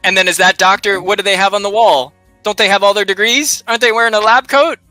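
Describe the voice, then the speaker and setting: A male library host with a high, very bright and tense voice, chatting casually on a live show. He keeps firing rhetorical questions and little jokes at viewers. The sound is close and dry. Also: quick pace, no room sound, faint music behind. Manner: animated, peppers talk with rhetorical questions and jokes. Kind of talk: casual live instructional chat.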